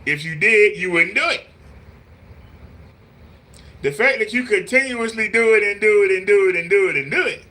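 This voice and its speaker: A man's voice: high-pitched, normal speed, pauses often, bright, forceful tone. A man, talking casually on a live stream in a preachy, repetitive, scolding way. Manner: mimics voices in quotes. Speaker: vlogger.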